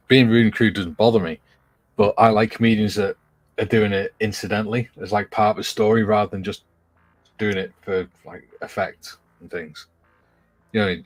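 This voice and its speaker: A man chatting as a guest on a livestream in a relaxed way, with dry humour. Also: deep voice, no room sound. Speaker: guest model builder. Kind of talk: casual livestream chat.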